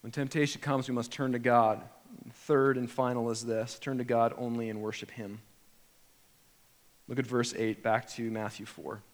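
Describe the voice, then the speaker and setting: A man preaching a sermon, animated, acting out imagined prayers with sudden rises in pitch and volume. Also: normal speed. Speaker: pastor. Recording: long hall reverb.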